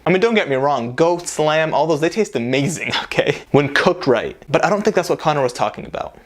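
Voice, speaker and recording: A man hosting a commentary vlog, talking in a joking, animated way with chuckling asides. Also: fairly high pitch, a little fast. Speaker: vlog host.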